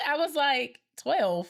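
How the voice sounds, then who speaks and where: A woman hosting a casual couples podcast with a stuffy, congested nose, telling stories in an animated, teasing way. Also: medium pitch. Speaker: podcast host.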